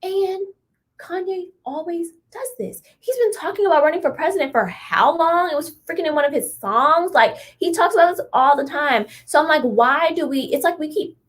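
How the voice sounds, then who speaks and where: A woman's voice: very high voice, expressive, moderate pace. A young woman co-hosting a podcast, talking in a blunt, emphatic, slangy way. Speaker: podcast co-host. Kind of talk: casual chat.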